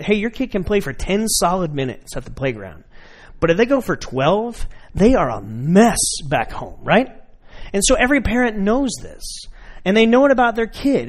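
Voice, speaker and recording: A man preaching a sermon in a conversational way, addressing his listeners directly and acting out everyday scenes. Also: sits high. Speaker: pastor.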